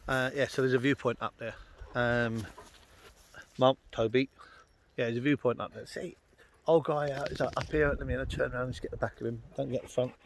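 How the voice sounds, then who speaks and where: A man's voice: medium pitch, steady tone, normal speed, long pauses, slight background noise. Rambling man on a hillside. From London. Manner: chatty, rambling, full of ums and uhs. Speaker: outdoors vlogger. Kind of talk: rambling casual vlog chat. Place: outdoors on a Welsh hillside. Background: dogs nearby.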